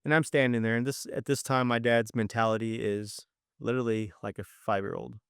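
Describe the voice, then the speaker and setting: A man's voice: mid-range voice, steady tone, a little fast, gravelly, a bit bright, smooth, dry recording, clean studio sound. A man giving a personal faith testimony, earnest and storytelling, acting out the voices of people he quotes. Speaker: testimony speaker.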